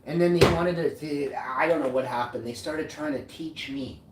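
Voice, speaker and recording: A man's voice: on the high side, moderate pace. Boastful rambling male vlogger. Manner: boastful, rambling, with self-corrections and slang. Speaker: vlogger, channel host. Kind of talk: casual rambling monologue. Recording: echoey room, distant mic, faint noise.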